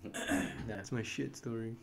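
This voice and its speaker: A young man co-hosting a podcast, telling an animated story in casual chat and acting out the quotes. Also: lowish voice, unhurried, creaky, a crowd in the background. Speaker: podcast co-host.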